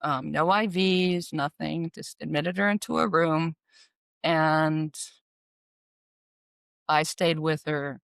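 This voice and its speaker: A woman's voice: deep voice, fairly even intonation, slow pace, gravelly, pauses often, clear, resonant tone, no echo. A middle-aged woman earnestly retelling a personal story, acting out the dialogue as she goes.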